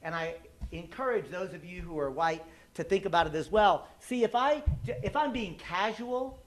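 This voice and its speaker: A man's voice: high voice, moderate pace. Impassioned American man speaking in an echoey hall. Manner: impassioned, emphatic, with rhetorical questions. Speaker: political speaker. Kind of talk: public speech at a community event. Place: community meeting hall. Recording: echoey room recording.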